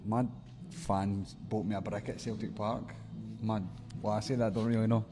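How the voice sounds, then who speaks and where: A Scottish man on a podcast, making dry, low-key remarks in casual chat. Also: flat delivery, moderate pace. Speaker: podcast co-host. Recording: reverberant room.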